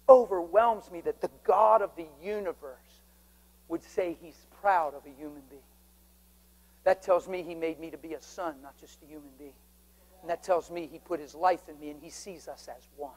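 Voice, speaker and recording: Impassioned high-voiced preacher. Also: male voice, moderate pace, poor audio. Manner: impassioned, swings from hushed whispers to loud urgent emphasis. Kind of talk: sermon. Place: church sanctuary before a congregation.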